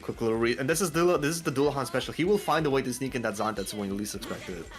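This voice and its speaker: A young man calling a fighting game match live, excitable and quick to jump up at big moments. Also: medium pitch, soft background music. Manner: excitable, calls plays, swings up to near shouts. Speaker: esports play-by-play commentator.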